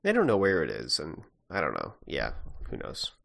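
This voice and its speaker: A man's voice: very deep voice, huge pitch swings, normal speed, creaky, a bit bright. A man co-hosting a podcast, chatting casually about a video game with dry, wry jokes and short replies. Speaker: podcast co-host.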